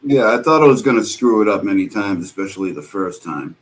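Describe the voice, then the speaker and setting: A man's voice: lowish voice, animated, fairly quick. A man with a Massachusetts accent chatting as a guest, laid-back and self-deprecating. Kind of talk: casual chat.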